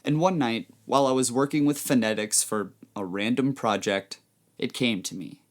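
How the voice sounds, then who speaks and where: A man hosting his podcast, giving a measured, reflective scripted narration. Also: medium pitch. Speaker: podcast host.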